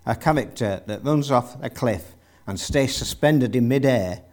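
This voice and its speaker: Guy giving a sermon, tells the story, asks the crowd questions, normal pitch. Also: unhurried, a little mellow. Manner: storytelling, rhetorical questions to the congregation. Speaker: preacher.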